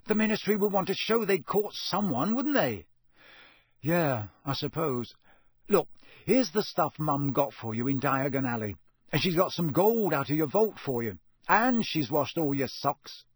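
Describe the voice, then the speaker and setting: A man's voice: a little high, big pitch swings, unhurried, husky, no room sound, clean studio sound, heavily acted. A man voicing a casual, blunt teenage boy chatting with his friend. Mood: offhand.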